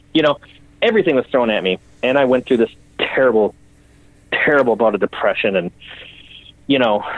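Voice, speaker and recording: A man's voice: on the low side, dry recording. A man, a custom bike builder, telling his story bluntly and emotionally in an interview, with frequent swearing. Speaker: custom bicycle builder, guest. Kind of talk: candid podcast interview storytelling. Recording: dry, phone-like remote call audio.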